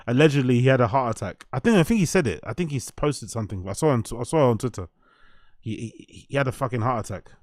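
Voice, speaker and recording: A man's voice: medium pitch, expressive, fast talker, no room sound. Sarcastic British man in a dry room. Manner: sarcastic, swearing, mock-questioning. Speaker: host. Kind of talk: casual chat reacting to clips.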